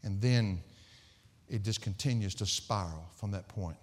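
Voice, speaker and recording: Emphatic preacher man in a reverberant hall. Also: unhurried. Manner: emphatic, swings from loud sarcastic peaks to quiet low endings. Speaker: pastor. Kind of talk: sermon.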